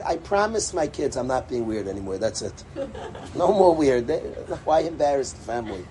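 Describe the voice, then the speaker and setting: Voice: mid-range voice, dark tone, slight background noise, rough recording. Emphatic, repetitive religious speaker. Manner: emphatic and repetitive, mixing in Hebrew and Yiddish terms; rambling, broken-off phrases. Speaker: speaker addressing a religious gathering. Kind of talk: impassioned religious talk.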